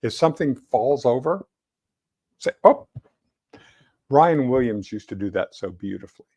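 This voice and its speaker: A mid-pitched male host chatting about politics, stumbling over his words and restarting sentences. His voice sits right in the middle, neither high nor low. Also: lively intonation, warm tone, husky. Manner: halting, many restarts and stammers. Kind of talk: casual political chat.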